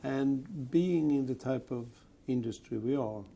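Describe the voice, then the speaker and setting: A man interviewing a colleague, often pausing to rephrase with "I mean". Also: medium pitch, gravelly, mellow, slight background noise. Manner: searching phrasing, frequent "I mean". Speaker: interviewer, retail executive. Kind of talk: conversational interview.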